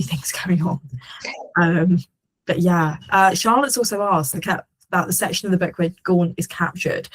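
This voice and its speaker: Low-voiced woman book club host. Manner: relaxed, rambling questions with fillers. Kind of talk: casual interview chat.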